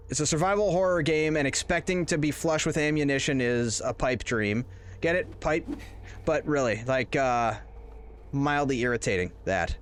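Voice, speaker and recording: Smooth and on the high side, this man's voice carries a loose, joking ramble while he plays a horror game on a live stream. He talks directly to chat throughout the casual commentary.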